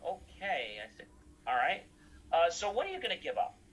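A man's voice: sits high, huge pitch swings, normal speed, fairly bright tone, breathy edge, rough recording. Man telling stories in casual chat. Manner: acts out quoted dialogue.

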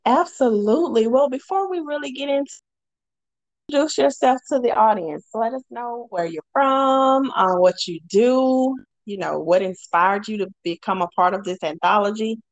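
A woman's voice: fairly high pitch, moderate pace, dry recording, poor audio. A woman hosting a podcast and interviewing a guest in an affirming, chatty way. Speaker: podcast host. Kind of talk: casual interview.

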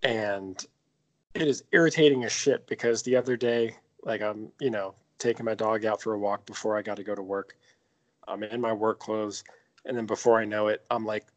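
A man co-hosting a casual podcast, telling a story with lots of swearing. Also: on the low side. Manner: animated, profane storytelling. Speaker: podcast co-host.

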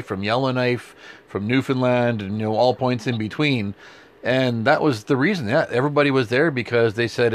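This is a man co-hosting a political chat show, from Canada. He argues his points emphatically, with sarcastic jabs thrown in. His voice sits at an ordinary middle pitch. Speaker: podcast co-host. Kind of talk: opinionated political talk.

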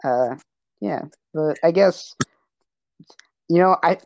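A woman's voice: on the low side, slow pace, darkish tone, dull audio, a little hiss or hum. A young woman hosting a podcast in casual chat, rambling and cutting herself off often. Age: young adult. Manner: rambling, self-interrupting. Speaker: podcast host.

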